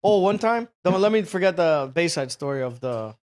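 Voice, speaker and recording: A man's voice: a little high, normal speed. A man telling a long rambling story on a podcast, swearing often, full of filler words and acting out the people in it. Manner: animated, acts out other people. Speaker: podcast host. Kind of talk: casual storytelling.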